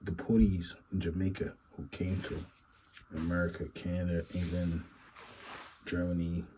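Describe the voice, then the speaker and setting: A man with a very deep, mellow voice talks through a casual reaction commentary. He rambles and muses, circling back to the same asides over and over. A faint background hiss sits under his voice. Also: flat delivery, moderate pace, low-quality recording. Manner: rambling, repeats stock phrases, musing asides. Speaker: commentary channel host.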